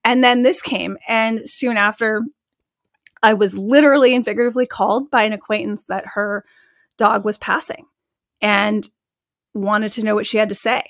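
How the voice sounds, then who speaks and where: A woman in her thirties, an animal communicator and medium, telling stories in a casual, animated way as an interview guest, full of "like" fillers. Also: medium pitch, dry recording, studio quality. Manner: chatty and animated, with frequent "like" fillers.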